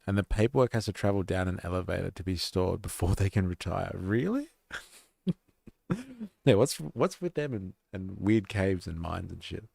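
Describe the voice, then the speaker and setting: A man's voice: low-pitched, gravelly, a little mellow, no room sound, clean studio sound. An Australian man hosting a live stream, chatting casually and reacting to clips with swearing and laughs.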